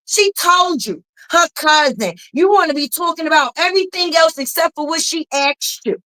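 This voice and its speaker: Female commentary host, high voice, sassy and blunt, heavy on the mm-hmms. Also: expressive, pushed and bright. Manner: sassy, emphatic, with frequent drawn-out mm-hmms; blunt and profane. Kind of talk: casual gossip commentary.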